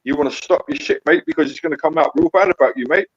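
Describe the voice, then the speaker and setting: A man arguing hard over a call, jeering and accusing with a steady stream of swearing, his voice sitting a bit high for a man. The audio is dull and lo-fi, and the sound is bone dry with no room around it. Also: quick pace, breathy edge, no echo. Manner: taunting, accusing, heavy swearing. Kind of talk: heated casual argument.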